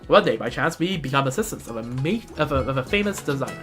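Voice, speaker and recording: A woman's voice: rumbling low, expressive, fast talker, faint music behind. A woman streamer reading video game dialogue aloud, with playful, chatty asides.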